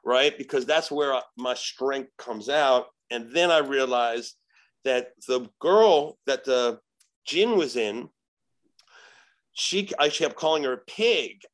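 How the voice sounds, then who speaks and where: A man, a shaman guest on a podcast, telling a story in casual chat, animated and profane. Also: medium pitch, slow. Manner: animated, profane, acts out quoted dialogue.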